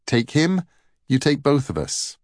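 A man's voice: a little high, very animated, measured pace, darkish tone, no echo, clean studio sound, pitched above the performer's own voice. A man voicing a loyal, determined young farm girl in a storybook reading. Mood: defiant. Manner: firm, determined.

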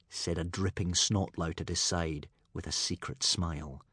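A man narrating a children's adventure audiobook dramatically, hushing for suspense. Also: sits low, steady tone, moderate pace, slightly rough, no echo, clean studio sound. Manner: dramatic, dropping to a hush for suspense.

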